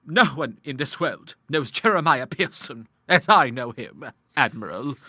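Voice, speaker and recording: A man voicing a stern, grim older woman in an audiobook, speaking with forceful scorn. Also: mid-range voice, expressive, a little slow, no room sound, studio quality, full character voice. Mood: vehement. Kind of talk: audiobook character voice.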